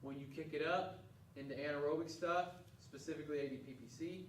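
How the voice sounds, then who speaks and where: A man's voice: a little high, fairly even intonation, fairly quick, slight background noise. Earnest male instructor, echoey classroom. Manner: earnest, repeats words when restarting. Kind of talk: reviewing a test in class. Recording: echoey classroom, mic far off.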